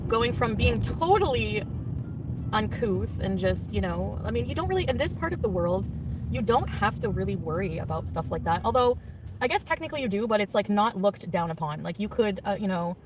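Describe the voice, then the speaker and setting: A woman's voice: mid-range voice, lively intonation, normal speed, distant mic, noisy background. A woman vlogger in casual, rambling chat with her viewers, often giggling, recorded on a phone.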